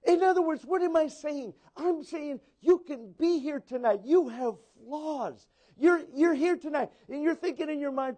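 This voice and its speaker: Delivering a sermon, a male pastor moves between exclaiming loudly and dropping into quiet asides, voicing the people he quotes. He speaks at a normal pace in a very high voice.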